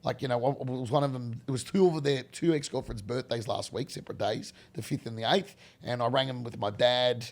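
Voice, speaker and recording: A middle-aged Australian man, a guest in a casual interview, telling rambling animated stories with many restarts. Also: mid-range voice, fairly quick, creaky, few pauses.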